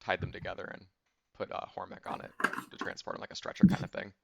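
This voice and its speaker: A man playing a tabletop game, talking in a calm, hesitant, mumbled way over lo-fi call audio. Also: deep voice, fast, gravelly. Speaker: player. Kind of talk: casual chat while playing a tabletop game.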